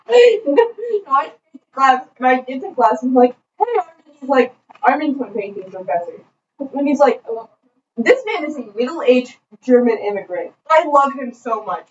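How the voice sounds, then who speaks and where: A young woman co-hosting a podcast, telling a college story in an animated way, laughing as she goes. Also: sits high, moderate pace. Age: young adult. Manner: animated, laughing, imitates a thick accent in quotes. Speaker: podcast co-host. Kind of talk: casual storytelling chat. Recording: roomy, distant, dull sound with faint noise.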